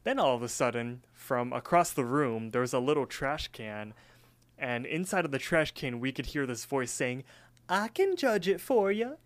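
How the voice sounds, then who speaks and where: A man co-hosting a podcast, telling stories in an animated way and swearing casually. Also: mid-range voice, normal speed. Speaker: podcast co-host. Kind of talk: casual chat.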